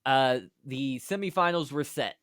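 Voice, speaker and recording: A man hosting a podcast, recapping a fantasy wrestling card in brisk play-by-play storytelling. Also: medium pitch, fairly bright tone, clean tone, no echo, clean studio sound. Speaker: podcast host.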